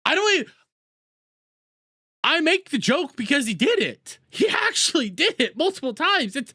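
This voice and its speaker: A man's voice: extremely high pitch, very animated, moderate pace, bright, forceful tone, no echo, clean studio sound. A man doing crude, sarcastic reaction commentary as a streamer, mocking the people he watches.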